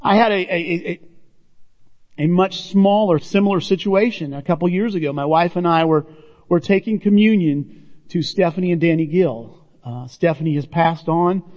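A man with a high voice delivers an earnest sermon, calling his listeners "guys" as he talks to them directly. His words carry a long reverb from a church hall, heard through a muffled, lo-fi recording. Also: moderate pace. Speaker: pastor. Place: church sanctuary. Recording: dull, reverberant hall sound.

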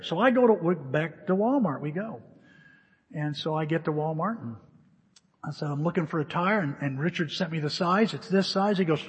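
A man preaching in a church hall, his slightly high and husky voice carrying a long reverb. He tells a story animatedly, acting out both sides of the phone calls. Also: animated, normal speed, muffled recording. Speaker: pastor. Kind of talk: sermon.

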